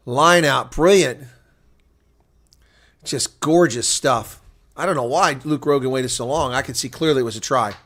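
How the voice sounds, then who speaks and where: A man's voice: mid-range voice, a little slow, pauses often, a bit bright. A tired man hosting live play-by-play reaction commentary on a rugby match, chatting to his viewers between calls.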